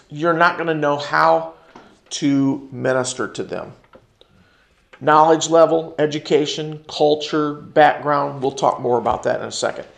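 An American man teaches a church ministry class in sermon style, his voice gravelly and somewhat high. He drives each point home by repeating it and asks the room to answer back. The sound is roomy, with echo from the church space. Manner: call-and-response, repeats key phrases for emphasis.

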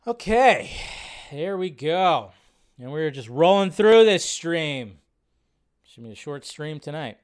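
A man hosting a livestream, chatting casually and rambling through his reactions with animated outbursts. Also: on the high side, slow pace, smooth. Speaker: livestream host.

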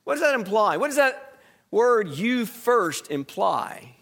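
High-voiced man teaching a Bible class. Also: big pitch swings, takes it slowly, creaky, fairly bright tone. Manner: conversational, asks the class questions, frequent restarts. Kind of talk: Bible study lesson.

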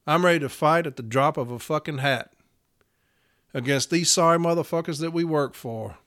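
A man's voice: a little high, moderate pace, a bit bright. Furious, profane man ranting. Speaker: podcast host. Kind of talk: angry solo rant.

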